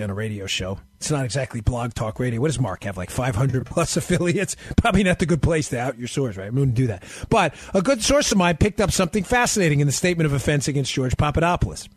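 A man's voice: a little high, no room sound. A man hosting a political talk radio show, arguing animatedly and firing rhetorical questions straight at his listeners. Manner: addresses listeners directly.

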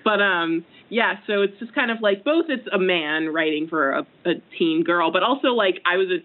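A woman in her twenties, a games reporter, chatting casually and quoting herself with animated lifts in pitch. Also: moderate pace. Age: 20s. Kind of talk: casual chat. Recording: tinny phone line.

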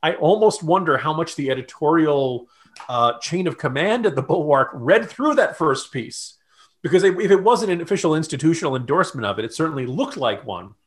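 Male podcast co-host, fairly high voice, wry and sarcastic, conversational commentary. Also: expressive, fairly quick. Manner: sarcastic, mocking quotes in a raised voice; loose and conversational with restarts.

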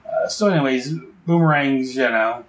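A man with a mid-range voice walks through a comic book in a loose, meandering review, using fillers and excited comments about the scenes he likes. The sound is roomy and the recording low in quality.

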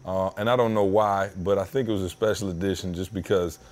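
Low-pitched and fairly quick, a man hosts his podcast from his home basement. With lots of slang and plenty of animation, he tells a long, casual story and acts out what each person said.

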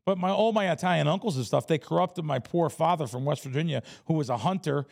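A man's voice: fairly high pitch, fast, gravelly. A man from the Bronx, a professional sports bettor telling stories bluntly in a casual interview. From New York, the Bronx. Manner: blunt, animated storytelling.

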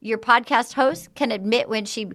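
A woman hosting a podcast, chatting excitedly and recapping scenes in a casual way. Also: on the high side, moderate pace. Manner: chatty and excitable, recounts scenes with quoted voices. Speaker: podcast host. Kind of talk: casual chat recapping a reality show.

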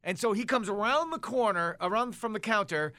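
A man with a high, bright voice tells a comic story on a talk show. He acts out the other people in it as he goes. The sound is close and dry. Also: a little fast, no echo. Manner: animated storyteller acting out voices. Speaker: radio show co-host.

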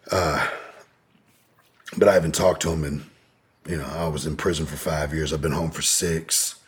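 Very deep husky-voiced man. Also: fairly even intonation, moderate pace. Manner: laid-back, profane, rambling with fillers. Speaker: podcast guest. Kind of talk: casual storytelling in an interview.

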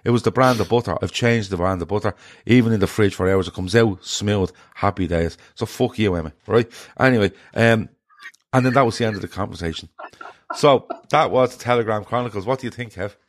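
A man with a fairly low voice holds forth as a podcast co-host, spinning a chatty story. He swears freely and keeps checking in with his partner in an animated, casual way. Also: brisk. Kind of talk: casual chat.

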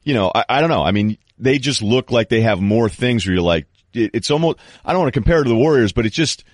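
A man's voice: medium pitch, lively intonation, quick pace, dry recording, studio quality. A man hosting a sports podcast in casual chat, hesitant and self-deprecating with wry humor. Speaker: podcast host.

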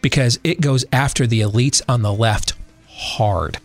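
Faint music plays behind a mid-range male voice as a talk radio host, speaking a little slowly, gives emphatic opinions. He addresses his listeners directly.

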